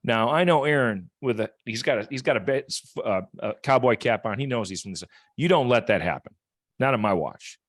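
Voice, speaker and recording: A man's voice: medium pitch, animated, a little fast, no echo, clean studio sound. A man speaking as a guest at a support group meeting, telling stories in an earnest, conversational way, often repeating words as he goes. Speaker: guest speaker from a rehab equipment company.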